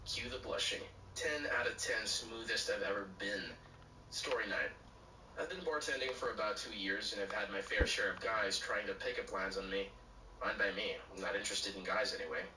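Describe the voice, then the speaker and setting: A man's voice: fairly low pitch, heavy background noise. Distant echoey synthetic male narrator. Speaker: story narrator. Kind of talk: text-to-speech reading of bartender stories.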